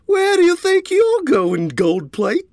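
A man's voice: extremely high pitch, huge pitch swings, takes it slowly, a little mellow, no room sound, studio quality, voice pushed up, exaggerated voice. A man doing a sneering brutish bully stallion. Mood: mocking. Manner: sneering, threatening.

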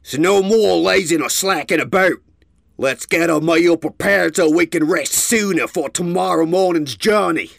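A man's voice: mid-range voice, expressive, a little slow, creaky, fairly bright tone, no echo, clean studio sound, voice pushed up, exaggerated voice. A man voicing a stern, commanding gray stallion who leads a caravan, in a storybook reading.

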